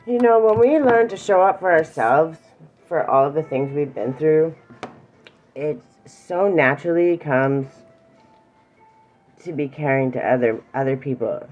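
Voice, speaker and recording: Soft background music plays under a muffled recording of a middle-aged woman speaking in a low-pitched, unhurried voice. Warm and earnest, she teaches emotional awareness to one viewer directly, reassuring them and occasionally verging on tears.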